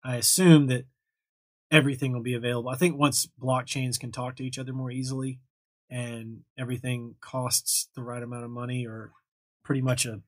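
A man's voice: medium pitch, flat delivery, fairly quick, dry recording. A young man casually hosting a livestream, chatting loosely and thanking viewers as he reads their comments. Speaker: livestream host answering chat. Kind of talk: casual live chat.

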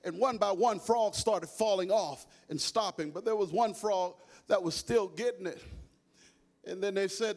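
A man with a Southern American accent preaching a sermon in a church, in a chanting, sing-song cadence that rises to shouts. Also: sits high, unhurried. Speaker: bishop preaching.

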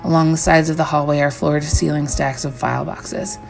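A woman with a low, gravelly voice reads a first-person horror story in a measured way. She slows down on the eerie lines while faint music plays underneath. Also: steady tone, a little mellow. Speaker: story reader.

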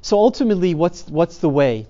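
Earnest man with a mellow, muffled voice. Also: a little high, very animated, fairly quick. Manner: earnest, repeats phrases for emphasis; reads quotes aloud. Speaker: podcast host giving a faith talk. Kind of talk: spiritual reflection to men's groups.

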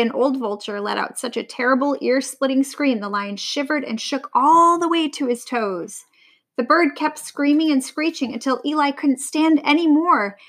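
Woman reading a storybook aloud. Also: high voice. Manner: expressive, lively reading.

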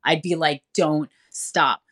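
A woman's voice: deep voice, steady tone, slow pace, a bit bright, husky. A woman radio DJ, talking enthusiastically and chattily as an interview guest, with many fillers. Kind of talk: casual interview talk.

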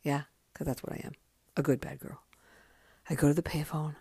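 Brief: woman, 50s, deep voice, casual podcast memoir, frank and foul-mouthed, dry close recording. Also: level tone, a little fast, mellow, slightly rough, no room sound. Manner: candid, profane and chatty. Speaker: podcast host.

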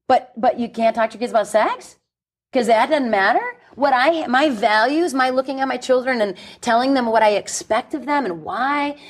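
A woman's voice: a little high, husky. Emphatic, blunt woman speaker. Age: 40s. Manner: emphatic, blunt, animated preaching tone. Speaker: chastity speaker, guest. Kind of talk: radio interview.

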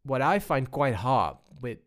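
A man giving a personal talk on balance, unhurried and full of pauses and restarts. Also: mid-range voice, sing-song. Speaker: speaker on balance.

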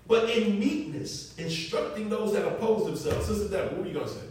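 Man, preacher, high voice, emphatic, talks straight to the congregation, booming church echo, distant mic. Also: animated, a little fast, few pauses, darkish tone, a little hiss or hum. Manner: emphatic, conversational, addresses the congregation directly. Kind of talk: sermon. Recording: echoey room, mic far off.

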